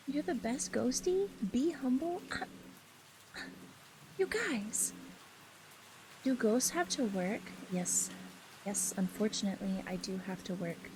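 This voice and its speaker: A woman streamer chats casually with her live audience, her voice sitting fairly high and her words coming slow and unhurried. She laughs often and shoots up into squeaky, flustered exclamations. A steady patter of rain is clearly heard behind her. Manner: giggly and playful, laughs often. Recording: steady rain noise in the background.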